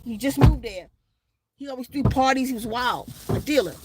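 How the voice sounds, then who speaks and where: High-voiced woman telling a blunt story. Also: normal speed, background noise. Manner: blunt, profane, streetwise slang. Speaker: vlogger. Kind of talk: casual storytelling. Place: outdoors in the sun.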